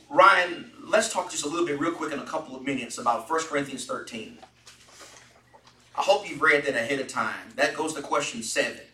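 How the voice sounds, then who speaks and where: A man's voice: a little high, bright, forceful tone. A man leading a Bible study, earnestly asking the group questions. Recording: echoey room from far off.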